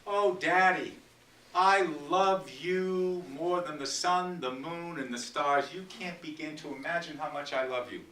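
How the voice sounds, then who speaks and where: A man mimicking a flattering young princess in a sugary, overeager way. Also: a little high, measured pace, a little hiss or hum, voice pushed up. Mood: gushing. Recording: echoey room from far off.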